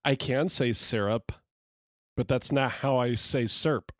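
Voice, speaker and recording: A man's voice: medium pitch, unhurried, no echo, clean studio sound. A man co-hosting a podcast in an easygoing, rambling, self-deprecating way. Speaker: podcast co-host. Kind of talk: casual chat.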